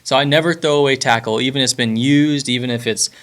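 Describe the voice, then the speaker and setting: A relaxed young man from Florida chats on his podcast in a loose, rambling way. He piles up fillers, repeats words and restarts his sentences. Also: medium pitch, fast. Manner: rambling, laid-back, many fillers and restarts. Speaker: podcast host. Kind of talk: casual podcast chat.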